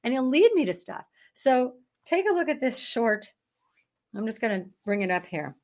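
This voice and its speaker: Woman doing bible study on her phone, kinda high voice, chatty but punchy. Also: very animated, moderate pace, darkish tone. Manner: chatty and emphatic, breaks into laughs and mock voices. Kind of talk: casual preaching to camera.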